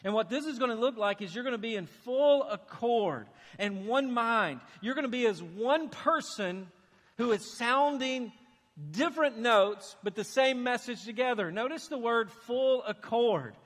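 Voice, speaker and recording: A man preaching a sermon in a church, animated and acting out the voices he quotes. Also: very high voice, unhurried. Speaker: pastor. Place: church sanctuary. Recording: long hall reverb.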